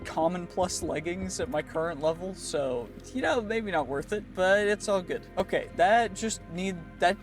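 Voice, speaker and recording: A man with a slightly higher voice than most talks his way through a video game session. He comments on loot and danger as it happens, in a chatty, excitable way. Clear game music plays behind him throughout. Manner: chatty, excitable, talks to himself while playing. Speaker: gaming YouTuber. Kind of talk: let's play commentary.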